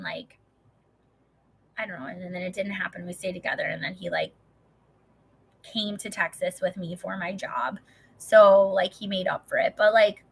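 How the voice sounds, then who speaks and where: A woman's voice: fairly high pitch, sharp tone. A young adult woman in casual, rambling chat, swearing often and saying "like" constantly. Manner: rambling, profane, heavy filler "like". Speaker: vlogger.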